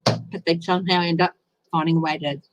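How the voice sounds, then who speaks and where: A woman's voice: fairly low pitch, steady tone, a little fast, a little hiss or hum, low-quality recording. A woman giving a casual live tarot reading, chatty and openly emotional as she answers viewers. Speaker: tarot reader.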